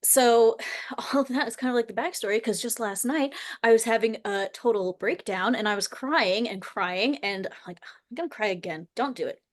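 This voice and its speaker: A woman's voice: fairly high pitch, normal speed. A woman in her thirties or forties hosting a casual chat, telling a personal story earnestly and rambling, full of "like.". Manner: earnest, rambling, heavy use of "like". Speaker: host.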